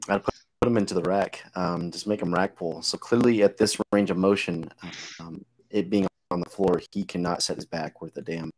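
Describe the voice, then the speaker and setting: A man's voice: low-pitched, fairly even intonation, moderate pace, darkish tone, poor audio. A man co-hosting a casual chat about lifting, laid-back and blunt, swearing freely. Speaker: strength coach co-host.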